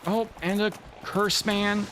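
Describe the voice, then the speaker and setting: A man's voice: high voice, little pitch movement, slow, background noise. A man giving casual let's play commentary, thinking aloud and cursing when the game goes badly.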